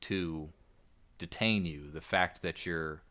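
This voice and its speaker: A man's voice: deep voice, slow pace, bright, forceful tone. A man co-hosting a casual history podcast, laid-back and swearing now and then as he tells the story. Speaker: podcast host.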